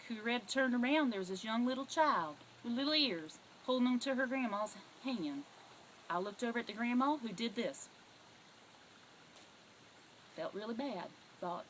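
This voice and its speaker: Animated folksy Southern woman host. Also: a little high, normal speed, long pauses, a little hiss or hum, poor audio. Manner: folksy, animated storytelling with sudden loud outbursts. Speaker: talk show host. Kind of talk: comedic monologue to camera.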